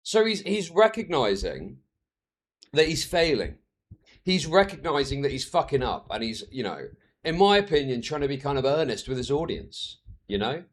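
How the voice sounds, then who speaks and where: A man's voice: medium pitch, big pitch swings, normal speed. A man ranting as a streamer reacting to clips, heated, sweary and exasperated.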